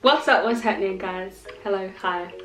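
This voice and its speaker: A woman's voice: medium pitch, normal speed. A young woman hosting a casual mukbang at home, joking and playful with slang. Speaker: vlogger host. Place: home dining table, indoors. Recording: roomy echo with background music.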